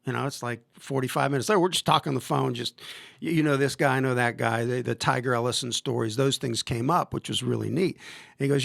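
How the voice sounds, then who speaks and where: In a casual storytelling interview, a fiftyish football coach hosting a podcast spins long, meandering tales packed with fillers and restarts. He speaks at normal speed in a steady, mid-range voice with vocal fry and a slightly bright tone, recorded cleanly in a studio with no echo.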